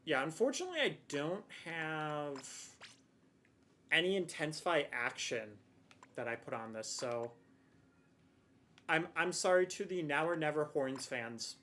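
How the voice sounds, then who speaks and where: A young woman streaming a game, chatting casually and rambling with sudden excited outbursts. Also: deep voice, unhurried, long pauses, a little hiss or hum. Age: young adult. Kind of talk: casual gameplay commentary.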